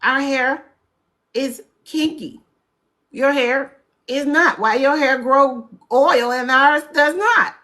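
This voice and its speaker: A woman's voice: high voice, slow pace. A woman hosting a casual live talk, presenting slides and speaking bluntly and animatedly to her viewers. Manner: blunt, scolding and animated, addresses viewers as y'all.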